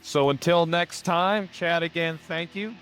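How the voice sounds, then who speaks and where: Upbeat American podcast host. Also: male voice, fairly high pitch, steady tone, unhurried, a bit bright, soft background music. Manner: enthusiastic, upbeat, repeats praise. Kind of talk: casual interview chat.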